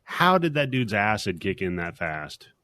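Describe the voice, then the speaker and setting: A man's voice: fairly low pitch, big pitch swings, unhurried, sharp tone, dry recording. A man co-hosting a movie podcast, teasing his co-hosts in casual, profane banter. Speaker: podcast co-host.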